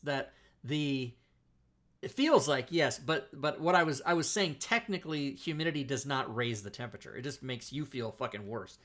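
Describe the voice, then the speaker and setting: A man's voice: mid-range voice, normal speed. A middle-aged American man hosting a casual livestream talk show, swearing and laughing often as he chats. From United States. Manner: profane, laughing, excitable.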